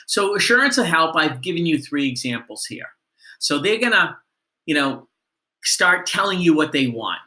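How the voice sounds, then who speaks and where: Bright-voiced man coaching phone greetings. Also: mid-range voice. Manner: coaching, asks the listener questions, models phone greetings. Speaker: sales trainer. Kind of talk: training lesson.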